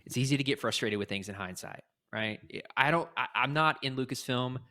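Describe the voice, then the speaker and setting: A man's voice: medium pitch, a little fast. A man in his late twenties from North Carolina, co-hosting a podcast in casual chat and getting heated as he rants. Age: 20s. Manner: excitable, ranting, voice jumps when heated. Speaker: podcast co-host.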